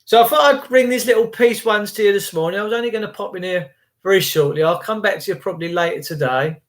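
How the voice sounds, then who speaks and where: A man's voice: sits high, fast talker. A man in his fifties giving a rambling, preachy and indignant rant on his livestream. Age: 50s. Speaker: vlogger on a livestream. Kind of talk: casual ranting monologue.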